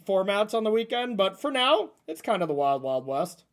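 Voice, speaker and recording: Lively man casually commentating his game. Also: high-pitched, normal speed. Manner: thinks aloud about his plays, relaxed and chatty. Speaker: streamer playing a card game.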